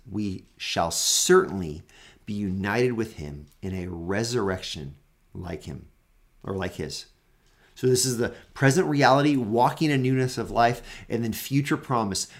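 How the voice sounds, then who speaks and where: A man hosting a Bible teaching show, talking casually and earnestly, with frequent fillers and restarts, growing emphatic on key points. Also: fairly low pitch.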